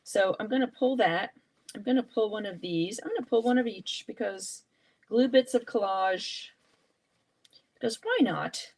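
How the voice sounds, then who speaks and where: A woman's voice: mid-range voice, moderate pace, a little mellow. A woman hosting a live art journaling session, chatting and thinking aloud as she works through a casual craft demonstration.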